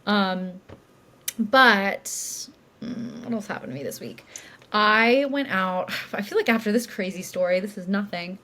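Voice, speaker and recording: A woman's voice: mid-range voice, expressive, unhurried, a bit bright, slight background noise. Chatty woman in her late twenties. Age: late 20s. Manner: chatty, self-described yapper, lots of likes and ums. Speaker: podcast co-host. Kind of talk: casual chat, storytelling.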